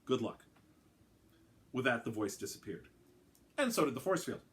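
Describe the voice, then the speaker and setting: A man narrating his own story aloud in a brisk, wry way. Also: mid-range voice, big pitch swings, fairly bright tone.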